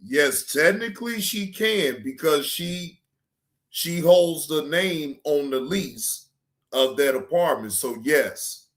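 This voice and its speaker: A man with a high, bright voice hosts a reaction stream. He talks in an unhurried way and scolds the people on screen with blunt, profane remarks. He often gets loud and animated. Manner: animated, shouting at times. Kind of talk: casual reaction commentary.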